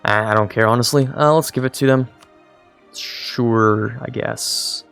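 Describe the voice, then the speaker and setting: A man's voice: mid-range voice, a little slow, gravelly, a bit bright, clear, resonant tone, faint music behind. A young man streaming a strategy game, rambling casually, mocking himself and talking to his units. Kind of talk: casual gameplay commentary.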